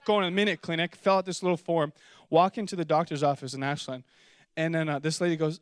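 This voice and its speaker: A young man preaching a sermon to his church, telling a comic story with playful, animated delivery and high excited voices when he quotes himself. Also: fast talker, clean tone, dry recording. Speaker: pastor. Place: church auditorium with congregation.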